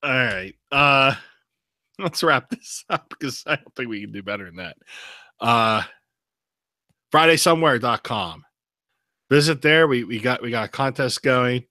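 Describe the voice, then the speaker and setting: A man rambles through a casual beer review, swearing as he goes. His voice is bright and forceful, and it sits close and dry on the mic. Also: mid-range voice, expressive, a little slow, pauses often, no room sound. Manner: loose, profane, rambling. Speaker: podcast co-host.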